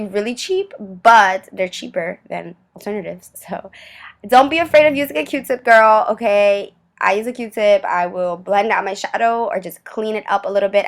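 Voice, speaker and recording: A woman's voice: medium pitch, fairly bright tone. Chatty young woman doing a makeup tutorial. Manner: chatty, enthusiastic, talks to viewers as friends. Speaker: beauty vlogger.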